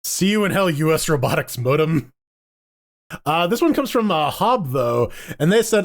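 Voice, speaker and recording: A man's voice: fairly high pitch, big pitch swings, normal speed. A man co-hosting a gaming podcast, joking crudely and reading out listener mail in casual banter. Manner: crude jokes, reads listener mail aloud. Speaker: podcast co-host.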